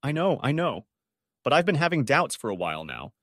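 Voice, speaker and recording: A man voicing a tearful middle-aged bride backing out of her wedding, read in a flat, even way. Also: medium pitch, brisk, no room sound, studio quality, voice pushed up. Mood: upset.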